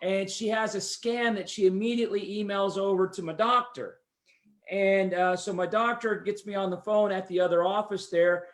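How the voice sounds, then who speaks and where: A man's voice: sits high, fairly even intonation, normal speed. A man hosting a podcast, telling a rambling personal story in a chatty, self-deprecating way. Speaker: podcast host. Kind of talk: casual anecdotal storytelling.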